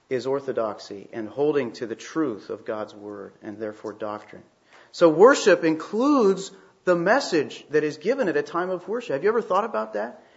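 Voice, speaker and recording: A man preaching a sermon in an emphatic way, asking rhetorical questions and repeating phrases for weight. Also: a little high. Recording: slightly dull, lo-fi sound.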